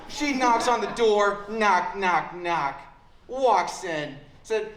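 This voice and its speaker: A young man telling a crude, deadpan comic story at a college open mic. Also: sits high, slow pace. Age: young adult. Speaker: stand-up comedian. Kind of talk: stand-up comedy storytelling. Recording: roomy hall with faint background noise.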